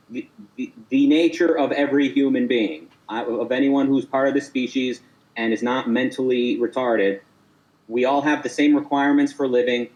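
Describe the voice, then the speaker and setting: A man's voice: mid-range voice, a little mellow, rough recording. A man in a casual debate call, talking hesitantly with frequent stammers and restarts as he presses his point.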